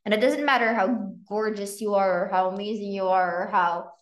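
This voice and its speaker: A woman's voice: mid-range voice, fairly even intonation, normal speed, reverberant. A woman hosting a podcast, chatting frankly about relationships and using lots of fillers. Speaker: podcast host. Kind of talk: casual relationship chat.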